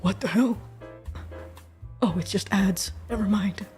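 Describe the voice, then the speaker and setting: A young woman streaming a casual chat, talking in a lively, animated way. She swears freely and laughs often, at a middling pitch, with faint music in the background. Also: unhurried.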